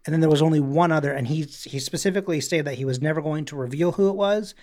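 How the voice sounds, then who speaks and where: A man talking casually on a podcast, his voice sitting a little high. He rambles through long stories, piling up fillers and restarts as he goes. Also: fast, a little mellow. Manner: rambling storyteller, slips into mock voices and quotes. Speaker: podcast co-host. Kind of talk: casual chat.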